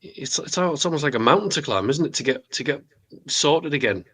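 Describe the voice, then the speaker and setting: A man's voice: on the high side, lively intonation, fairly quick, fairly bright tone, slightly rough. A man co-hosting a casual radio chat, agreeable and hesitant with many restarts.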